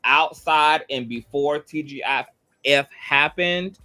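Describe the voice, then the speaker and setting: An online commentator, a man with a highish voice and sharp tone, speaks slowly through a heated, blunt monologue. He swears freely and repeats his points for emphasis.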